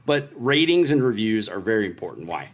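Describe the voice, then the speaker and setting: A man's voice: fairly low pitch, big pitch swings, fairly quick. A man in his thirties co-hosting a casual podcast from a home playroom, joking around as he reads listener messages aloud. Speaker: podcast co-host.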